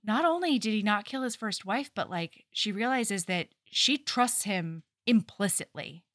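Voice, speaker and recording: A young woman co-hosting a book podcast, recorded close and dry with no room sound. She recaps the plot in a chatty, animated way, slipping into mocking voices for the characters. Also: medium pitch, measured pace, no room sound. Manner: animated retelling, acting out lines with mocking quotes. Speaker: podcast co-host. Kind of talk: casual book-discussion chat.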